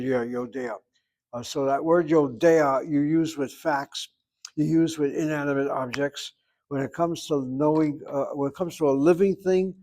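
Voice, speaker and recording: A man's voice: medium pitch, darkish tone. An older man teaching a Hebrew grammar class, wandering off into asides and carefully over-pronouncing each word he wants students to copy. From United States. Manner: digressive, emphatic over-pronouncing.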